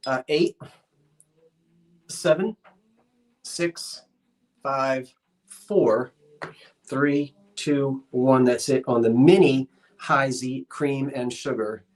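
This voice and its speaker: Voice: medium pitch, steady tone, extremely slow, pauses often. Rambling chatty live-sale host. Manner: rambling, chatty, self-deprecating asides; reads viewer comments and runs countdowns. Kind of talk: casual live-stream selling chat. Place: shop, indoors.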